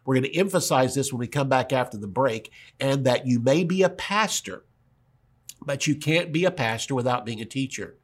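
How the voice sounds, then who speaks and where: A man's voice: medium pitch, moderate pace, husky. A male pastor teaching verse by verse on a broadcast, stressing and repeating key words.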